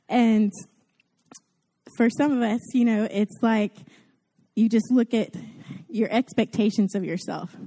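Southern woman, warm-hearted church talk, somewhat high voice, self-deprecating, chatty delivery. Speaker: guest preacher at a church service. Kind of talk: casual Mother's Day sermon.

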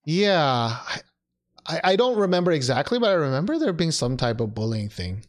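A young man co-hosting a casual chat, animated and rambling, laughing often and restarting his sentences. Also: on the high side, normal speed. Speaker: podcast co-host.

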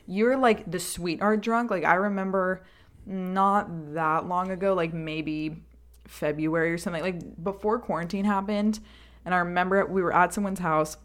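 A woman's voice: on the low side, steady tone. A young woman hosting a casual chat, teasing and chatty, filling her talk with "like" as she asks her friend questions. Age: young adult. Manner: chatty, teasing, quick to laugh, lots of "like". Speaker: host.

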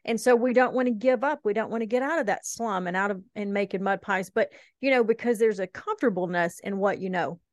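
A woman hosting a faith conversation, speaking in a reflective and gently affirming way. Her voice sits at a middle pitch, and the recording is dry and close with no room sound. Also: a little fast, few pauses, no echo.

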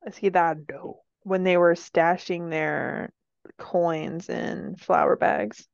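Woman co-host with a gravelly edge, playful and jokey, dry, dull-sounding recording. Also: fairly low pitch, steady tone, slow pace, dry recording. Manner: playful, jokey, repeats words for fun. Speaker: podcast co-host. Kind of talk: casual chat.

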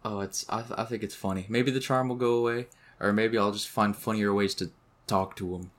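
A man's voice: lowish voice, a little fast, a little hiss or hum. A man co-hosting a podcast, chatting casually, swearing freely and laughing often as he tells stories about online games. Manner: laughing, swearing, animated storytelling. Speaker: podcast co-host. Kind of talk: casual chat.

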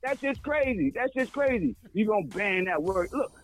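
A man's voice: high-pitched, animated, normal speed, faint music behind, low-quality recording. A man co-hosting a radio talk show, ranting in a casual, profane way with stammered restarts. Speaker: radio co-host. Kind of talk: casual on-air rant.

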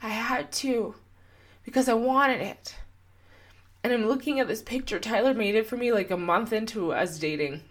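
A young woman hosts her own motivational podcast alone. She talks in an earnest, encouraging way and keeps asking her listener gentle, repeated questions. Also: a little high, moderate pace. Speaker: podcast host and coach. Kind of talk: solo motivational podcast talk.

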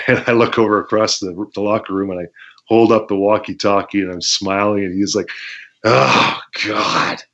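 A former wrestler from Canada, appearing as a guest, tells stories in a laid-back, casual interview, laughing often and acting out quotes. His voice is on the low side with a flat delivery, a moderate pace and a bit of brightness, captured in dull lo-fi podcast audio.

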